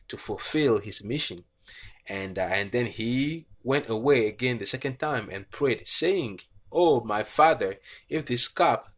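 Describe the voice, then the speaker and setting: A man's voice: lowish voice, fairly bright tone. A male preacher giving a bible teaching, reading verses aloud and explaining them with frequent fillers. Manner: reads scripture aloud, frequent fillers and "okay".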